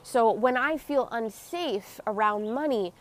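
A woman hosting her own podcast, speaking in an earnest, confessional and emotionally open way, dropping soft and close at tender moments. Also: on the high side, slow. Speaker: podcast host. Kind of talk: personal reflective monologue.

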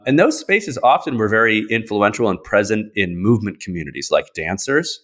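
A man's voice: on the low side, fairly bright tone. A man, a podcast guest, explaining ideas in a casual, playful, slangy way. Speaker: podcast guest, trauma practitioner.

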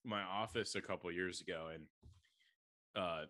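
Laid-back man with a bright voice. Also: low-pitched, fairly even intonation, moderate pace. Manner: laid-back, swears casually. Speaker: podcast co-host. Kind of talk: casual chat.

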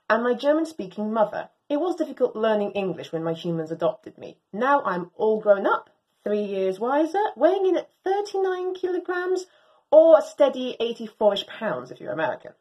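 A woman reading a story aloud and voicing a proud, excitable female Doberman dog. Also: on the high side, moderate pace, highs cut off. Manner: animated, swooping, theatrical.

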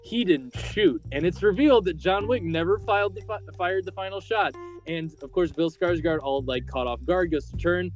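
A man's voice: sits high, normal speed, faint music behind. A man hosting a podcast, casually recapping a film's plot with lots of filler words. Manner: rambling, filler-heavy storytelling. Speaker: podcast host.

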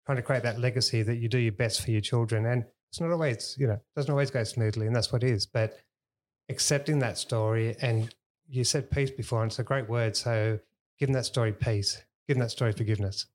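A man's voice: mid-range voice, steady tone, brisk, a little mellow. A middle-aged man as a podcast guest, reflective and earnest, restarting his sentences as he thinks. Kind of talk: casual podcast conversation.

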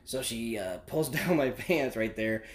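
A man's voice: mid-range voice, unhurried. A man in his forties telling a long personal story in casual, profane chat, rambling, laughing often and acting out the voices of the people in it.

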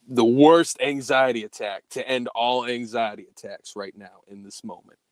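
A young man telling a story in casual podcast chat, profane and animated, acting out the quoted dialogue. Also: mid-range voice, dry recording.

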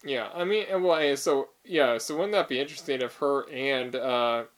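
A man's voice: medium pitch, normal speed. A man co-hosting a casual podcast, teasing and arguing about movie casting and laughing often. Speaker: podcast co-host.

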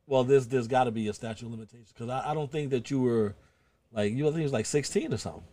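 A man hosting a casual podcast, telling animated stories with stammering restarts. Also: mid-range voice, fast talker, no room sound. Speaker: podcast host.

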